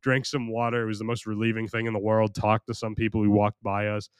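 Young American man, low voice, dry close sound, rambling crude podcast rant, strained worn voice. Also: monotone, fast, clear, resonant tone, no room sound. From United States. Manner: rambling, crude, self-mocking, frequent restarts. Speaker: podcast host. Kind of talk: solo ranting podcast.

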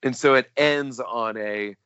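A man co-hosting a casual film podcast, enthusiastic and quick to laugh, going over his notes. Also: mid-range voice, a bit bright, smooth, no echo, lo-fi sound. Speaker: podcast co-host.

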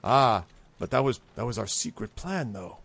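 A man voicing a sly, haggling male goblin chief who hesitates with many ums and then breaks into loud, high outbursts. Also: lively intonation, moderate pace, gravelly.

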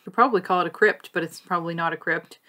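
A woman's voice: on the low side, fast talker. A woman co-hosting a podcast, chatting casually and animatedly about a cartoon with frequent laughs. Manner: animated, laughs often, conversational. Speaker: podcast co-host.

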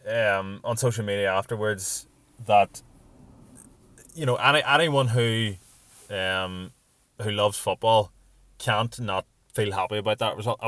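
Measured man with a lowish voice. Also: a bit bright, dry recording. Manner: measured, asks thoughtful questions. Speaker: podcast co-host. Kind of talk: casual football chat.

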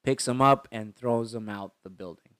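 Guy rambling thru a movie recap, lots of um and uh, smooth voice, dry close sound. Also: medium pitch, normal speed, fairly bright tone, dry recording. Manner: rambling retelling with many fillers. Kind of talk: casual chat.

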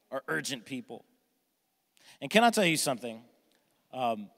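A middle-aged male pastor preaches with a bright, forceful voice that rings through a big reverberant hall. He talks with an energetic, jokey delivery and acts out his family by shouting their lines. His pitch sits a little high for a man. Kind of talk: sermon. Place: church sanctuary with congregation.

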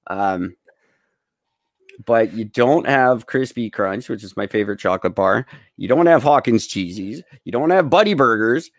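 A Canadian man jokes wryly in casual podcast talk. His pitch swings lively as he teases. The recording is dry and close to the mic. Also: normal speed, no room sound. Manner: wry, joking, teasing. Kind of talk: casual chat.

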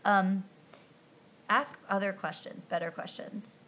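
A woman hosting a podcast, recounting a film scene by scene in a chatty, animated way, full of ums and likes. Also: lowish voice, normal speed, slight background noise. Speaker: podcast host recapping a film. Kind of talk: casual recap narration.

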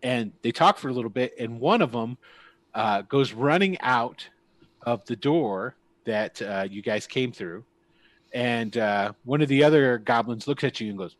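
A man's voice: medium pitch, lively intonation, a little slow. A man narrating a tabletop role-playing game as game master, rambling with many fillers and restarts.

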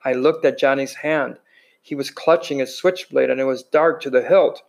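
A man's voice: medium pitch, fairly even intonation, normal speed, creaky, darkish tone, low-quality recording. A man reading a novel aloud in first person, plainly, with restarts and slips. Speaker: reader.

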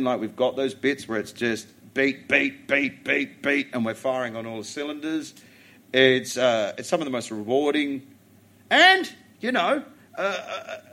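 Middle-aged Australian comic, blunt and profane, animated storyteller, mid-range voice. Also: male voice, medium pitch. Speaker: comedian guest. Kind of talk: casual podcast chat.

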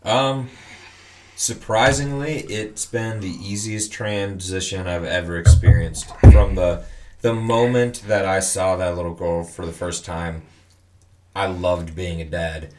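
A man's voice: low-pitched, fairly even intonation, measured pace, darkish tone, slight background noise. A man, a new father, chatting casually and telling stories animatedly, swearing now and then. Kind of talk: casual chat, storytelling.

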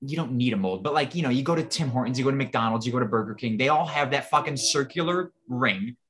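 Animated, swearing podcast co-host man. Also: mid-range voice, fast. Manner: animated, profane, argumentative. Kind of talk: casual chat.

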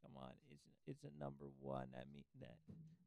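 A slow, gravelly male voice swings wildly up and down in pitch as a whiny customer, played by a man, who begs again and again for a burger. The sound is close and dry, with a bright, clear edge. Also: sing-song, no echo, full character voice. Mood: whiny pleading. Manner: repetitive pleading, pitch jumping around.

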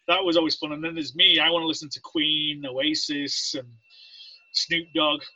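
Over dull audio with crowd noise, a Navy veteran from England tells rambling stories as a podcast guest, voicing the people in them. He speaks in an English accent at a fairly high pitch, with a level tone and normal speed.

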